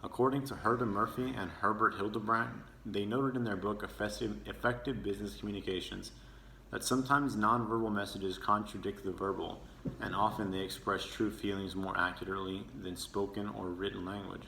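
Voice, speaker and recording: Delivering a persuasive class speech, this young student speaks a little fast in a low, steady, bright and forceful voice with vocal fry. He's earnest and demonstrates points with his own tone; the recording has an echoey room, faint ambience and slight hiss or hum.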